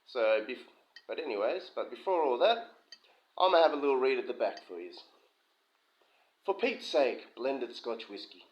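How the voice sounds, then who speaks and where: A man talks casually through a review, chatty and rambling with plenty of asides. His voice sits at a middling pitch. He is recorded in a home kitchen, and the sound is dull and lo-fi with a slight room echo. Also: sing-song, moderate pace, pauses often. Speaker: whisky reviewer.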